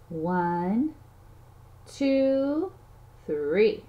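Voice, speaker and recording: A woman's voice: medium pitch, expressive, slow. A woman giving a playful lesson to toddlers, counting aloud and making animal sounds in a sing-song way. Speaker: children's teacher. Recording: slightly dull audio, faint noise.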